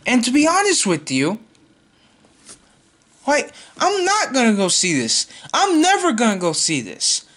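A man's voice: very high voice, huge pitch swings, measured pace, fairly bright tone. A man ranting in a vlog, exasperated and repeating himself as he vows to boycott a movie. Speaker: YouTuber.

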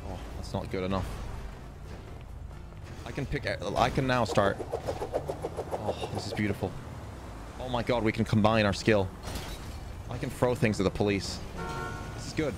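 A man streaming a roleplay game, excitedly repeating himself and issuing in-character threats. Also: lowish voice, normal speed, long pauses, background noise. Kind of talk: live game commentary.

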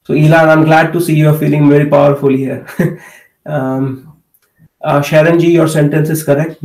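A man's voice: fairly high pitch, flat delivery, normal speed, a little mellow. A man teaching a live online Hindi class, explaining with many fillers and checking in with "okay" as he goes. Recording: echoey room, mic at a distance.

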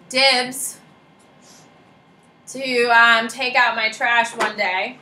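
A woman teacher lectures in a bright, slightly high voice, casual and joking and leaning on "like" a lot. Her voice rings around a roomy classroom over a faint hum of noise. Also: fairly even intonation, very slow, long pauses. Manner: casual, joking, often says "like".

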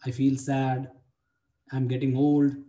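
A man's voice: mid-range voice, monotone, takes it slowly, warm tone, dull audio. A young man, telling a blunt, profane personal story as a dating coach and repeating phrases for emphasis. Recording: echoey room.

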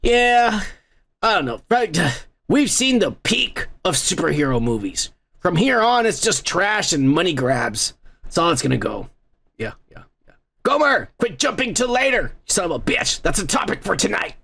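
A man's voice: high-pitched, sing-song, normal speed, vocal fry, bright, forceful tone, breathy edge. A man hosting a podcast, reading viewer comments aloud in a crude, rambling, mocking way and laughing often.

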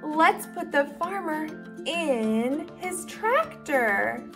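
A young woman hosting a children's learning video, talking in a slow, exaggerated, encouraging sing-song for toddlers. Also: very high voice, very animated, music in the background. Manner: exaggerated, encouraging, drawn-out words. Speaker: children's educational video host.

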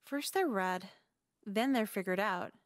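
An actress playing a bitter, cynical teenage girl who speaks in a sharp, sardonic way. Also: medium pitch, unhurried, dry recording, studio quality, natural voice. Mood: cold, bitter. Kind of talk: video game voice acting.

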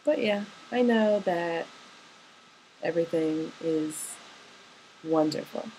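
A woman's voice: on the low side, slow, mellow, a little hiss or hum, rough recording. A young woman, a college student, records a rambling, tender voice message to her partner, full of ums and hesitations. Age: young adult.

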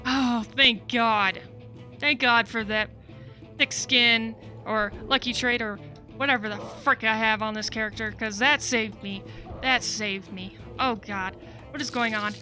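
A woman's voice: fairly high pitch, steady tone, unhurried, bright, forceful tone, soft background music. A young woman giving let's-play commentary, frustrated, cursing and talking to the game as she plays. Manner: frustrated, swears often, talks to the game. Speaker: gaming video creator.

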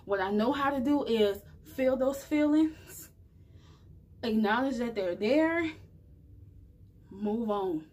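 Husky woman giving a chatty pep talk. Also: fairly high pitch, animated, slow, pauses often, a little mellow. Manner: earnest, chatty, addresses viewers directly. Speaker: spiritual vlogger. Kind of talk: casual motivational talk to camera.

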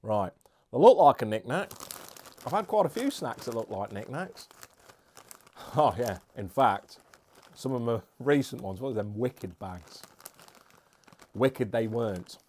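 A man's voice: mid-range voice, lively intonation, measured pace, long pauses, darkish tone, slight background noise. A man reviewing beer and snacks in a casual, chatty, jokey vlog with rambling asides.

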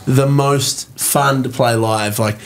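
A man's voice: medium pitch, steady tone, takes it slowly, creaky, slight background noise. A man with an Australian accent, a musician guest talking in an easygoing, rambling way. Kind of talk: casual interview chat.

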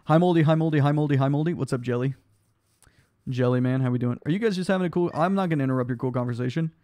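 A man's voice: medium pitch, rapid-fire, mellow, no echo. A young man streaming a block game live, chatting casually and reading his chat aloud, tired from lack of sleep. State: sleep deprived, yawning.

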